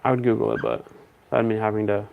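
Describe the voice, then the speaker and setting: Gravelly man rambling in casual chat. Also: on the low side, quick pace, phone-quality sound, slight background noise. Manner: rambling, relaxed, thinks aloud.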